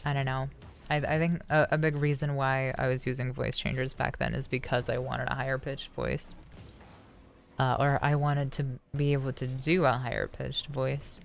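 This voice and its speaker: A young adult streamer practicing a feminized voice after male puberty, chatting casually with many hesitant restarts and throat clearings. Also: medium pitch, steady tone, normal speed. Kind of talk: casual livestream chat.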